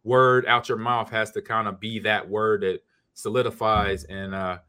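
A man co-hosting a sports and gaming podcast, chatting casually and animatedly, breaking into quick playful impressions. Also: fairly low pitch, little pitch movement, bright, forceful tone, clean tone. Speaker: podcast co-host, former pro football player.

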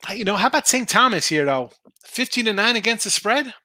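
High-pitched and lively in intonation, this man speaks a little fast in a pushed, bright voice, with no room sound. As the host of a late-night sports betting live stream, he rambles through the lines aloud, reads the picks viewers send in and answers them casually.

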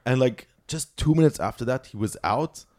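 A man's voice: medium pitch, moderate pace, a little mellow. A young man hosting a casual podcast, his story wandering along with constant fillers. His voice sits in an everyday middle register. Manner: rambling storytelling full of "like" and "you know". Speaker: podcast host.

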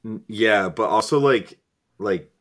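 Bright low-voiced man reading mailbag. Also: takes it slowly. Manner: relaxed, hesitant, filler-heavy. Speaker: podcast co-host reading listener questions. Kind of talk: casual chat.

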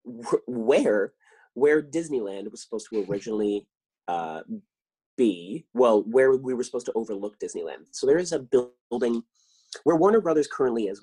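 A man talking as a podcast guest, telling animated stories and acting out the lines he quotes. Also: medium pitch, husky. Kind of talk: casual interview chat.

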